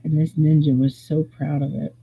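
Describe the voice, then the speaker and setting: A live stream host telling a rambling story in a casual, animated way, swearing freely. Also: medium pitch, moderate pace, gravelly, slight background noise. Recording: tinny phone-like audio.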